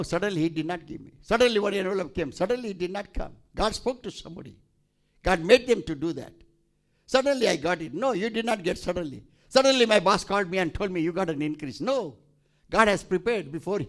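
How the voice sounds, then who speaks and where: A male pastor preaching a sermon, emphatic and repetitive, pausing for scripture readings. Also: high voice, a bit bright.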